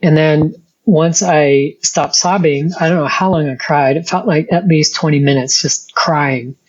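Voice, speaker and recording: A middle-aged woman, a guest in an interview, telling a personal faith testimony in an earnest, halting way with many restarts. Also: deep voice, slightly rough, muffled recording.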